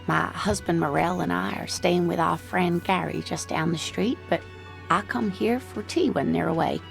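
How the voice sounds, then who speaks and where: Sweet older lady, gravelly, lowish, teasing, game dialogue with music. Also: moderate pace. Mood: friendly. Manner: cheerful, teasing.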